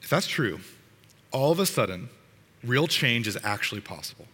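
A man's voice: mid-range voice, big pitch swings, normal speed, bright, forceful tone, slightly rough, long reverb tail. A man preaching a sermon to his congregation in an earnest, conversational way, sometimes restarting his sentences. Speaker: pastor.

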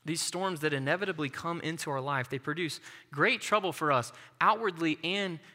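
A man's voice: a little high, moderate pace, pushed and bright, long reverb tail. A man preaching a sermon as a pastor, talking in an earnest, conversational way and mixing in personal stories. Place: church.

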